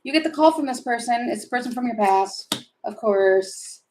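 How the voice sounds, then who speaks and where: A woman's voice: on the high side, lively intonation, normal speed, darkish tone, a little hiss or hum. A woman doing a casual live tarot reading, chatty and opinionated, rambling with many fillers and asides. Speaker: tarot reader.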